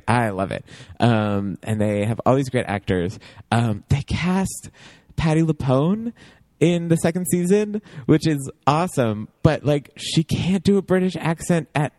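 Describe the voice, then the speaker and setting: A man's voice: medium pitch, a little mellow, no room sound. Rambling man, dry close sound. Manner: rambling, many fillers and laughs. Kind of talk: casual chat about a TV show.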